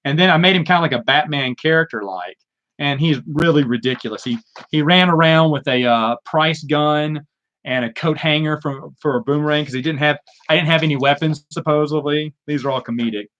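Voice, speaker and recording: A man's voice: on the high side, a little fast, fairly bright tone, highs cut off. A man hosting a live Q&A, chatting casually and rambling with lots of fillers, restarts and self-mocking asides. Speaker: live Q&A host. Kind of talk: casual live stream chat.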